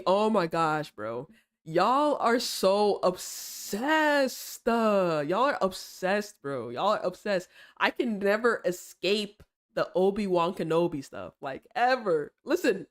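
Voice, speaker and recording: A woman streamer chatting casually and critiquing art, playful and slangy, teasing her chat and explaining ideas slowly. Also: mid-range voice. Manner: explains slowly and repeats herself while drawing.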